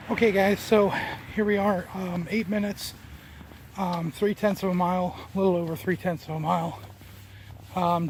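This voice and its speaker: A New Jersey vlogger walks outdoors talking to his handheld camera, his high voice carrying a little hiss or hum. He rambles, full of fillers and restarts.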